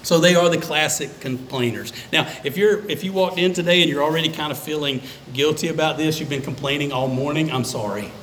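A man preaching a sermon as a pastor, conversational and emphatic, with dramatic pauses. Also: fairly high pitch, a bit bright, slight background noise, rough recording. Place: church sanctuary.

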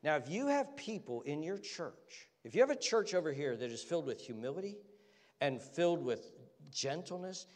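A man preaching a sermon as pastor, earnest, rising loud on key phrases and dropping low and quiet. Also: very animated, moderate pace, big-room sound. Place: church sanctuary.

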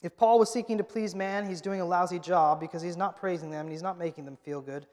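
Man, pastor, emphatic sermon, high voice, echoing church hall. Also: fairly even intonation, quick pace. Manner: emphatic preaching, swings from loud to hushed. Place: church sanctuary. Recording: long hall reverb.

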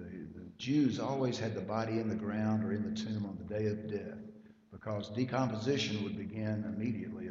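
A man's voice: lowish voice, darkish tone, slight background noise. A man preaching a sermon, emphatic and rising in volume at key points. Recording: lo-fi hall recording with long reverb.

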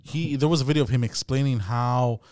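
An excitable man in a loose podcast conversation who swears freely and keeps tossing in "bro." His voice sits in an ordinary middle range. The sound is dry and close, with almost no room around it. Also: mid-range voice, brisk, no echo. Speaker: podcast host. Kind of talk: casual chat.

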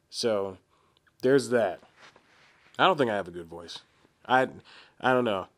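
A man's voice: lowish voice, lively intonation, a little slow, long pauses, a bit bright. A man in his twenties hosting a solo podcast, rambling and self-deprecating with frequent laughs and asides. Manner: chatty, frequent restarts and asides. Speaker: podcast host.

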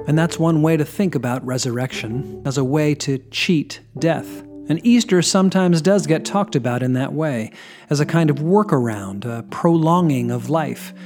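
Conversational preacher man over soft music. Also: a little high. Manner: conversational storyteller, reflective. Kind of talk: sermon.

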